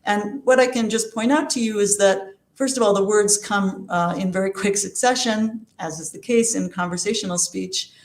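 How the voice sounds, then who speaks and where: A woman's voice: mid-range voice, moderate pace, hardly any pauses. Woman lecturing in an echoey room. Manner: explanatory, with many fillers and restarts. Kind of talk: academic talk.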